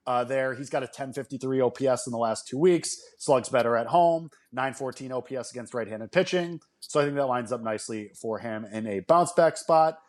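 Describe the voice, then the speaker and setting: A man co-hosting a sports betting podcast, laying out his picks in a relaxed, matter-of-fact way. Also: medium pitch, brisk, few pauses. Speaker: co-host.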